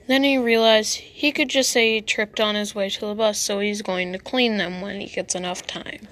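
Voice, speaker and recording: A woman narrating a children's school story in a steady, plain reading voice. Her pitch sits in the middle range for a woman. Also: normal speed, hardly any pauses.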